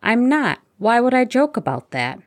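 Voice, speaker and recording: A woman's voice: fairly high pitch, very animated, moderate pace, no echo, clean studio sound, pitched above the performer's own voice. A woman reading fan fiction aloud, voicing a clever teenage witch who is exasperated and insistent.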